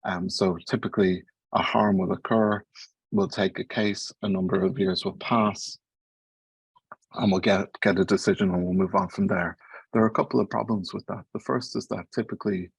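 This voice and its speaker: An Irish man speaking in an earnest, explanatory way at a panel talk, moving along quickly. His voice sits very low with a gravelly, husky edge. The sound is dry and close. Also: fairly even intonation, no room sound, poor audio. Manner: fast-paced, earnest, explanatory. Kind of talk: academic talk.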